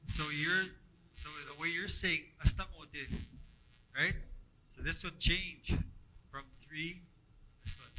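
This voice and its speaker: A man teaching a language workshop to a group, halting and repeating himself as he explains and asks the room questions. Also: a little high, bright, forceful tone, slight background noise, low-quality recording. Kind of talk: classroom teaching. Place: classroom.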